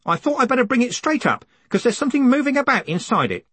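A man's voice: very high voice, sing-song, fast, fairly bright tone, slightly rough, no echo, pitched above the performer's own voice, exaggerated voice. A man voicing a fussy, disapproving old male post office worker who sniffs at things.

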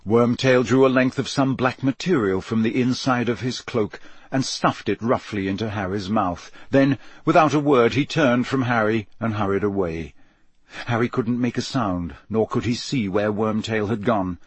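A man narrates a story in a steady, measured way that builds drama. His voice is husky and sits in a middle register. The recording is dry and close, with no room sound. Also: medium pitch, dry recording. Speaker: audiobook narrator. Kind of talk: scripted narration.

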